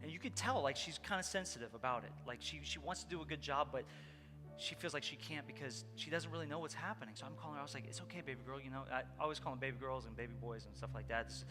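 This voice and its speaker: A man's voice: medium pitch, fast talker. A man preaching a conversational sermon, telling a personal story earnestly and speaking directly to his congregation. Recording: long hall reverb with loud music behind.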